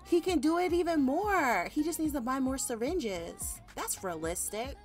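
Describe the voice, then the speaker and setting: A woman's voice: high-pitched, a little slow, few pauses, soft background music. Slangy woman narrating her game. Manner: animated, slangy, breaks into shrieks of mock alarm. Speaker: gaming YouTuber. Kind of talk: casual gameplay commentary.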